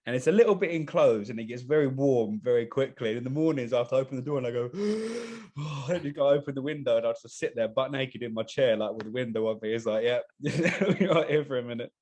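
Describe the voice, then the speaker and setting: Man, fast animated anecdote, mid-pitched voice, acts out quotes. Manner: animated storyteller acting out quotes. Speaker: bodybuilder. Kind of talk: casual podcast storytelling.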